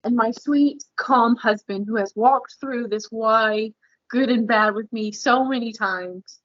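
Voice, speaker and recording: A woman cohosting a podcast, telling a personal story in a lively way and acting out the lines she quotes. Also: fairly high pitch, slow, dry recording, highs cut off. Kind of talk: casual podcast chat.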